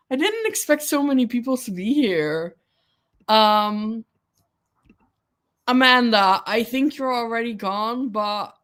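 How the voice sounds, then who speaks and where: A woman's voice: medium pitch, a bit bright. A woman hosting a casual livestream, chatting with viewers, giggling often and greeting people by name. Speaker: livestream host.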